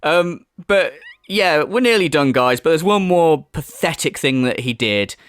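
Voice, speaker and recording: Man, sarcastic commentary, swearing, very animated pitch, dry close sound. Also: unhurried, smooth, dry recording. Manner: sarcastic, laughing, swearing freely. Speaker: commentary YouTuber. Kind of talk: profane mocking commentary over clips.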